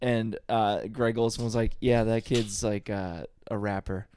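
A man's voice: lowish voice, little pitch movement, unhurried, darkish tone, slight background noise. A man co-hosting a comedy podcast, rambling through a story with many fillers and laughs. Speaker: podcast co-host, stand-up comic. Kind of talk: casual storytelling.

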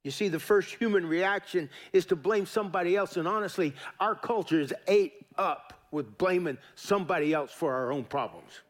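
This sermon comes from a middle-aged pastor whose fairly high voice moves at a moderate pace with hardly any pauses. Folksy and emphatic, he repeats phrases to drive points home and speaks asides to his listeners.

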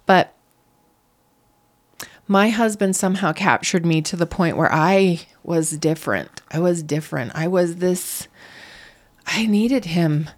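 A middle-aged woman, a podcast guest, telling a painful personal story in an earnest, animated way. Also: fairly low pitch, slow, long pauses. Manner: earnest, animated, acts out quoted voices.

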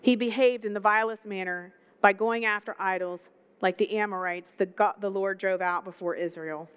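A woman's voice: medium pitch, fairly even intonation, normal speed, a bit bright, clear, resonant tone. A woman teaching a Bible passage in a casual, humorous way with slang asides, in a dull lo-fi recording.

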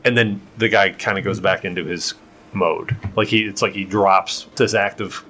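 A man's voice: deep voice, steady tone, normal speed, pushed and bright, a little hiss or hum. A man narrating as game master in a loose, rambling way with many fillers.

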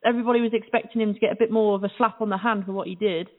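A woman's voice: mid-range voice, fairly even intonation, rapid-fire. A British woman from the UK co-hosting a casual talk radio show, chatty and exclamatory. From United Kingdom. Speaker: co-host. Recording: tinny phone-line sound.

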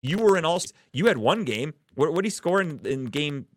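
A man's voice: a little high, sing-song, fairly quick, dry recording, clean studio sound. A man from the Cleveland area hosting a casual sports podcast, ranting heatedly and swearing often. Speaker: podcast host.

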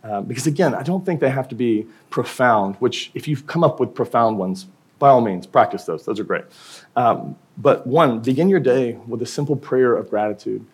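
A man's voice: mid-range voice, expressive, moderate pace, breathy edge. Casual conversational young male pastor. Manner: casual, conversational preaching with humor and quoted asides. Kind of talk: sermon.

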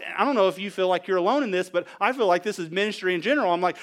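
A man delivering a sermon with a slightly high voice. He preaches with emphatic energy and fires rhetorical questions at the congregation. His delivery rises to near shouts, then drops to quiet, low passages. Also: very fast, few pauses. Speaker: pastor.

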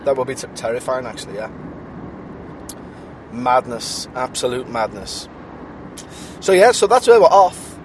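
A man's voice: mid-range voice, very animated, measured pace, pauses often, noisy background. A playful man hosting a ghost-hunting vlog, chatting and reading out spooky local lore while riding in a car. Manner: jokey and playful. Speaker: vlogger and ghost-hunt host. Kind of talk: casual chat and reading out notes. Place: moving car.

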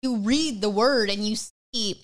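A woman co-hosting a casual faith-based chat, adding quick, playful interjections. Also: a little high. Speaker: podcast co-host.

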